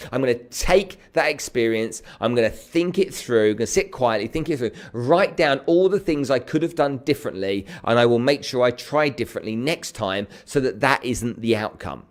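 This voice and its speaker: A middle-aged man giving a lively sales coaching talk on a live stream, greeting viewers by name. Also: mid-range voice.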